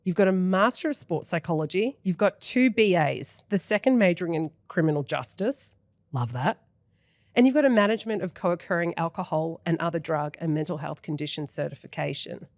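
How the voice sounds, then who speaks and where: A woman's voice: lowish voice, expressive, fairly quick, no echo. A woman in her thirties hosting a podcast in a studio, talking in an effusive, emotional way with casual swearing. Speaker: podcast host. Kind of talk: casual interview chat.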